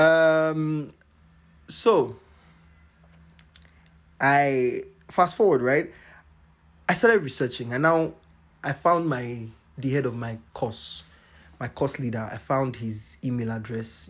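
A young man hosting a podcast, telling a personal story in an animated, exclamatory way, laughing as he goes. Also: medium pitch, measured pace. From Nigeria. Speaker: podcast host.

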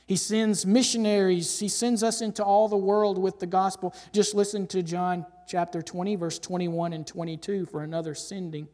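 A male pastor preaching a sermon and reading scripture aloud, emphatic, swinging from loud declarations to hushed asides. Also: high-pitched, moderate pace, hardly any pauses. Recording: long hall reverb.

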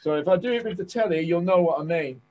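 A man, a guest guitarist, telling excitable stories in a casual interview, swearing and acting out shouts. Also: fairly high pitch, quick pace, highs cut off, noisy background. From England.

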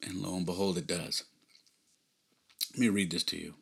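A man hosting a podcast, earnestly telling a personal story, emotional and close to tears, often dropping to a hushed near-whisper. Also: low voice, fairly even intonation, normal speed. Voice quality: gravelly, husky. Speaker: podcast host.

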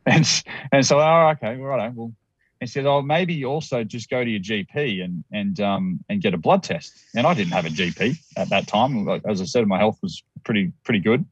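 Husky Australian man telling a story. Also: on the low side, expressive, moderate pace, no room sound, muffled recording. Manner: rambling, with many restarts and acted-out quotes. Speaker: guest. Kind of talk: telling a personal story in conversation.

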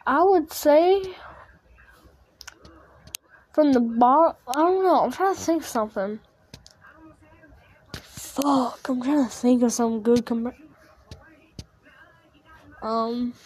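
A woman's voice: fairly high pitch, a little mellow. A woman telling a casual story in a rambling, profane way, full of restarts and fillers.

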